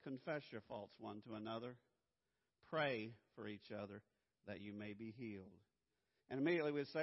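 A man preaching a sermon as pastor, swinging from hushed low lines to loud, urgent emphasis. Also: normal speed. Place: church sanctuary. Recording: dull lo-fi sound, long hall reverb.

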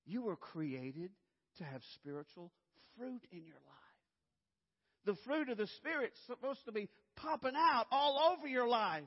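A man preaching a sermon as pastor, swinging from hushed low lines to loud, urgent emphasis. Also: expressive, a little slow. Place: church sanctuary. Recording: dull lo-fi sound, long hall reverb.

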